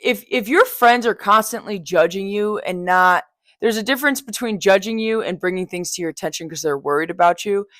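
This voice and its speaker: A woman's voice: mid-range voice, a little fast, a bit bright, dry recording, studio quality. A young woman hosting a podcast, talking in a casual personal monologue, blunt and frank, swearing freely with chatty asides. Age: young adult. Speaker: podcast host.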